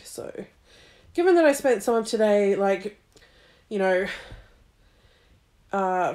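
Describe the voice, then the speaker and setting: A woman's voice: medium pitch, a little mellow. A young woman talking casually in a day-in-the-life vlog, candid and rambling with plenty of ums and likes. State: congested with a cold. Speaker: vlogger.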